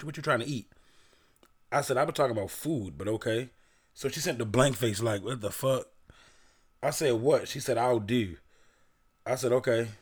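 A young man from Baltimore, a podcast co-host, casually telling a profane story and reading old messages aloud. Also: mid-range voice.

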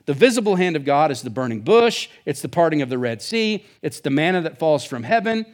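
A man's voice: a little high, big pitch swings, fairly quick. A male pastor preaching a sermon in a casual, joking way, full of asides. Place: church.

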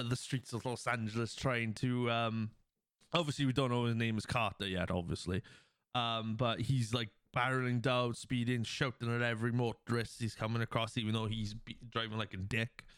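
Brief: male podcast host, casual rambling plot recap, smooth clear voice, dry close sound. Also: mid-range voice, steady tone, moderate pace, a bit bright, no echo. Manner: rambling, heavy with fillers; acts out quoted lines.

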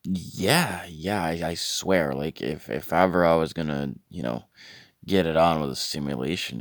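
A male podcast host with a very low voice swaps crude, teasing jokes and laughs a lot. His delivery is loose and playful, and the recording is dry and close. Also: measured pace, no room sound. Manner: profane, teasing, laughs often. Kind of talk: casual comedic banter.

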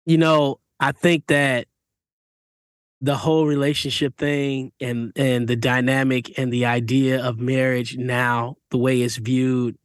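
A man's voice: mid-range voice, level tone, unhurried, dry recording, studio quality. A man in casual conversation, talking things through in a reflective way with many fillers. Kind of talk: casual chat.

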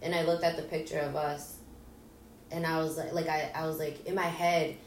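A woman's voice: low-pitched, flat delivery, moderate pace, a little hiss or hum. A woman, an interview guest, telling an emotional personal story bluntly, swearing and acting out what people said. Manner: raw, blunt, swears, acts out dialogue. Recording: roomy echo, distant mic, faint ambience.

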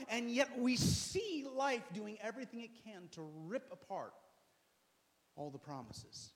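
A male pastor preaching a sermon in a large hall, emphatic and swinging from loud to hushed. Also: extremely high pitch, lively intonation, normal speed. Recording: long hall reverb.

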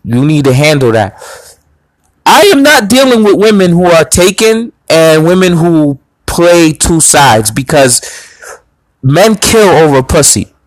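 On his podcast, a man with a voice on the high side recounts a personal story in a casual monologue, bragging and speaking bluntly and crudely. The audio is poor, with no room sound.

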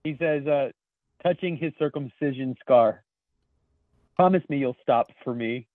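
A man's voice: mid-range voice, a little slow, no room sound. Laid-back swearing man, thin phone-like sound. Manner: laid-back, swearing, laughing while reading memes. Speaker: podcast co-host. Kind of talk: casual chat. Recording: dry, phone-like narrow sound.

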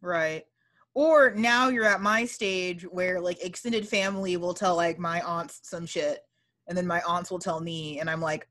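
A woman's voice: on the low side, a little slow. A young woman co-hosting a casual podcast chat about a book, swearing freely and acting out lines in other voices. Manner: animated, profane, acts out voices of characters. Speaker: podcast co-host.

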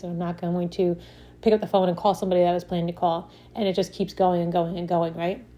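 Her voice sits on the low side and sounds mellow as she delivers a relaxed self-help talk about stress and habits. She leans on examples, keeps asking "right?", and regularly starts her sentences over.

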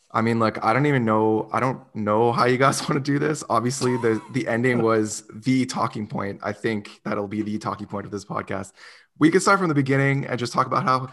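A man's voice: lowish voice, fairly bright tone. Easygoing male podcast host. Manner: easygoing, filler-heavy. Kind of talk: casual chat.

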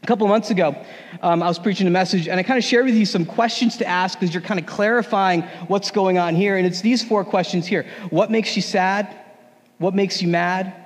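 A man preaching a sermon in a relaxed, conversational way, with humor. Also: high-pitched, a little fast. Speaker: pastor. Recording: long hall reverb.

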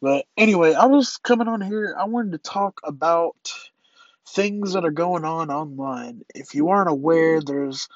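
A man's voice: on the high side, unhurried, muffled recording. A young man from North Carolina with a congested, stuffy nose, hosting his own podcast in casual solo commentary, rambling and stumbling over his words. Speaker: podcast host.

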